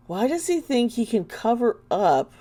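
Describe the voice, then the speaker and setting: A woman's voice: fairly high pitch, big pitch swings, unhurried, mellow. A woman doing an intuitive tarot reading for her vlog, earnest and emotional, often trailing off mid-sentence. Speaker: tarot reader.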